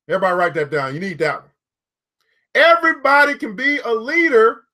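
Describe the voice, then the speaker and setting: A man with a high, pushed, bright voice delivers a motivational live talk to viewers. The talk is preachy and repetitive, and he names people directly and laughs at his own jokes.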